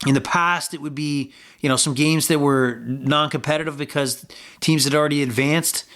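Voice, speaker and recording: A man's voice: a little high, steady tone, moderate pace, fairly bright tone. A man hosting a sports betting podcast, talking in a loose, rambling way with lots of fillers and casual swearing. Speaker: podcast host.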